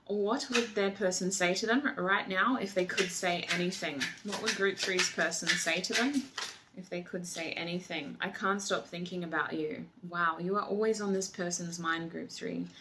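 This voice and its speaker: A woman's voice: lowish voice, background noise. A woman doing a tarot reading, talking effusively and emotionally, often exclaiming over the cards. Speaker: tarot reader. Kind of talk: tarot reading, channeled messages.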